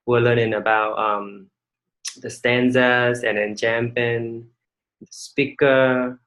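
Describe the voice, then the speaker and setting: Casting: male teacher, mid-pitch, halting and repetitive as he lectures an online class. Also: little pitch movement, fairly bright tone, low-quality recording. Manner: halting, many fillers and restarts, rhetorical questions. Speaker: online English instructor.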